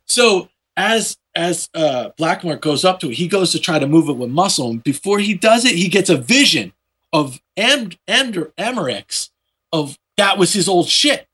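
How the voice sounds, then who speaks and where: A man casually retelling a comic book plot in a profane, animated way, slipping into quick voices for the characters. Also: high-pitched, slightly rough.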